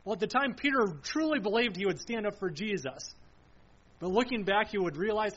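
Male preacher with a high voice, solemn and emphatic, full of repetition and rhetorical questions; muffled lo-fi sound. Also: animated, fairly quick, a bit bright. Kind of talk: sermon.

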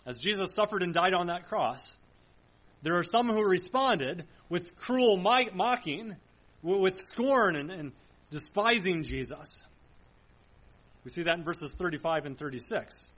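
Male pastor, high-pitched, earnest sermon delivery with searching rhetorical questions, church setting. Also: a bit bright, rough recording. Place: church sanctuary.

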